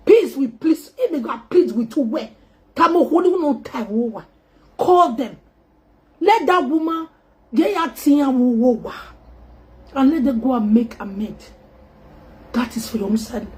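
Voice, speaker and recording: A woman with a high voice delivers an emotional, pleading appeal. She switches freely between English, Pidgin and a local language as she begs for peace. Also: animated, normal speed, a little mellow. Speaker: entertainer appealing to two public figures. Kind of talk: impassioned spoken plea.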